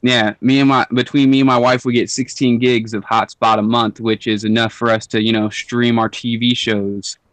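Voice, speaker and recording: A young man talks in a loose podcast hangout, relaxed and heavy on slang and swearing. His voice sits in an ordinary middle register. The sound is dry and close, with no room around it. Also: mid-range voice, moderate pace, hardly any pauses, no echo. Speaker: podcast co-host. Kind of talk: casual chat.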